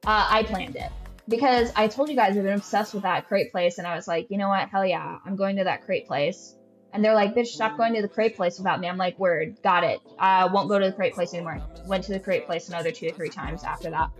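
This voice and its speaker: A woman's voice: medium pitch, fairly quick, faint music behind. A woman hosting a podcast, telling a story in blunt, profane casual chat full of filler words, acting out her friends' lines. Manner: acts out friends' lines in quoted asides. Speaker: podcast host.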